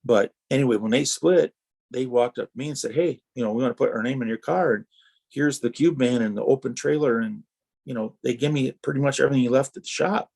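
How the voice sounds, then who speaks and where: A man's voice: mid-range voice, fast, creaky, darkish tone, husky. A man who raced for years, telling long rambling anecdotes in a podcast interview and acting out other people's lines as he goes. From Wisconsin. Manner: rambling anecdotes with many restarts and quoted dialogue. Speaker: podcast guest, retired racer. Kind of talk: storytelling interview.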